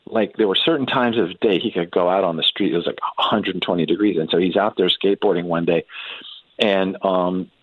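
A deep-voiced man tells a long story about his family, stopping and restarting as he goes. The sound is dry and thin, like a phone line. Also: dry recording. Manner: halting, with many restarts and fillers. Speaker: guest. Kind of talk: storytelling in a conversation.

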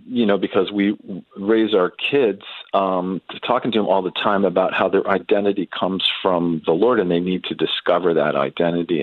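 A man telling a long family story as a guest in a conversation, talking haltingly with many restarts and fillers. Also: low voice, dry recording. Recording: tinny phone-like sound.

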